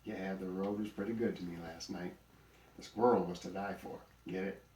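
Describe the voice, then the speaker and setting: A man's voice: low voice, fairly even intonation, moderate pace, darkish tone, slight background noise, natural voice. A man voicing an old male buzzard grandpa in a storybook, sly, teasing and full of wisecracks. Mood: bossy. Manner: wisecracking, chuckling jokes. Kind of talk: storybook character voice. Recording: roomy recording, mic at a distance.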